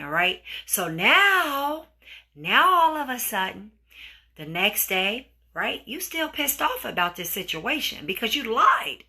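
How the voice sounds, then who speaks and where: Brief: woman podcast host, lively swooping delivery, bright tone, acts out voices. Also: medium pitch, a little slow. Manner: animated, acts out dialogue with sound effects. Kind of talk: storytelling relationship advice.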